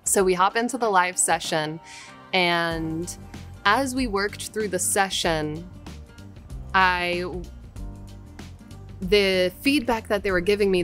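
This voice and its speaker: A woman voice actor talking casually and explaining how she takes direction, careful and measured. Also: lowish voice, fairly bright tone. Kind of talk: casual advice talk. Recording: faint background music.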